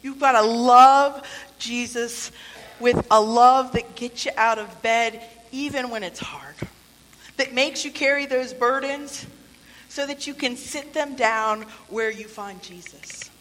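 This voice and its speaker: A woman's voice: a little high, slow, a bit bright. A woman preaching a sermon in a church, conversational and playful, with asides and acted-out quotes. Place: church sanctuary. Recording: long hall reverb.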